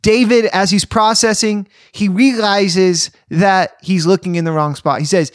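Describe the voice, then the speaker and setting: A man co-hosting a casual faith podcast, talking earnestly and slowing down to read scripture like a preacher. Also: high voice, steady tone, no room sound, studio quality. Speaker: podcast co-host and youth leader.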